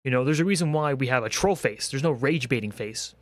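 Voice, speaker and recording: A man's voice: mid-range voice, expressive, brisk, no room sound. A young man in a comedic rant, exasperated and profane, firing off rhetorical questions. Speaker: commentary creator.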